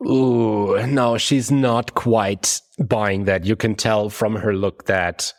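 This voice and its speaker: A man with a low voice runs a tabletop game as game master. He narrates haltingly, stopping and restarting often. The sound is dry and close. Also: steady tone, no room sound. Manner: halting, with frequent restarts and fillers.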